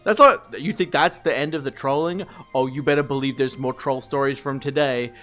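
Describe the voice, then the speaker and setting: A man's voice: mid-range voice, moderate pace. Man, casual live stream chat, chatty storyteller, swears freely, faint music behind. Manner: rambling, animated storytelling with swearing and laughs.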